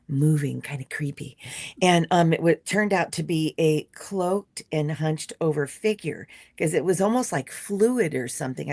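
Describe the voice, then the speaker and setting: A woman with a low, gravelly voice recounts a dream on a live stream. She talks in halting bursts full of fillers. Her level keeps rising and dropping. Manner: halting, many fillers, shifting loud and soft. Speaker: guest sharing a dream. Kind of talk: casual storytelling on a live stream. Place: home in a rural wildland area.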